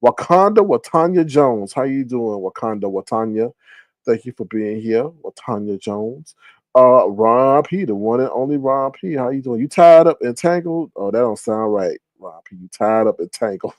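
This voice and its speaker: A man's voice: moderate pace, no echo. A man hosting a casual live stream, chatting with viewers and greeting them by name. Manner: animated, shoutouts to viewers, big jumps into high exclaims.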